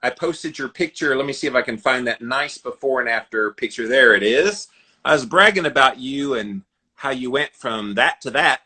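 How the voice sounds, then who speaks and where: A Southern US man in his forties hosts a casual podcast interview. His voice is bright and forceful, and he talks fast with excitable chatter. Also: medium pitch. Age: 40s. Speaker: podcast host.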